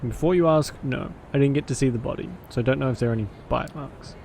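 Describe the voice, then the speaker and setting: A man's voice: medium pitch, fast talker, gravelly, a little mellow, a little hiss or hum, natural voice. A man voicing a cynical, streetwise male vampire detective with a gritty, hard-boiled drawl. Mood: gruff. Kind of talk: visual novel voice acting.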